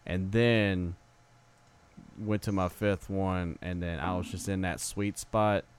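A man cohosting a casual sports podcast, telling a story in a relaxed way, saying freaking and dude. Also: sits low, slow pace, clean tone.

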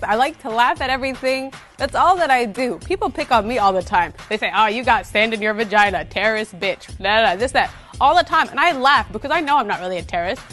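A woman's voice: a little high, bright, forceful tone. Brash, profane woman in a confessional. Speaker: reality show cast member. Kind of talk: confessional interview.

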